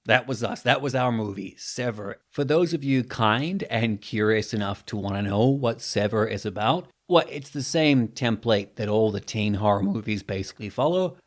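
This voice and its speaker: Animated New Zealand man telling a story. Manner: animated, jumping in pitch for emphasis. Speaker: podcast host. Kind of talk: casual storytelling monologue.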